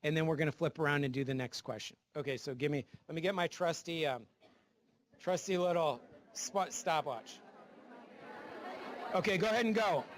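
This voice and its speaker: A man with a notably high voice leads a class of future teachers through interview practice. He talks in a coaching way and keeps checking in with the room. A faint murmur of students sits behind him. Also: normal speed, long pauses, a faint crowd. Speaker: teacher educator. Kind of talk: classroom instruction.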